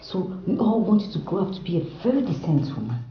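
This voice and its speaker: A woman's voice: on the low side, big pitch swings, fast, a little hiss or hum. An actress with a Ghanaian English accent playing a motherly aunt who coaxes and reassures a young girl in a film drama. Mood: reassuring. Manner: coaxing, reassuring. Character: motherly aunt, soothing and coaxing. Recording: echoey room, muffled sound.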